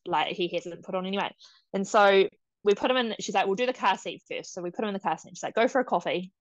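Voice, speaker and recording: A young woman, a podcast guest telling her story in a casual, animated way, laughing often and quoting others. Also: mid-range voice, fast, no echo, highs cut off. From New Zealand.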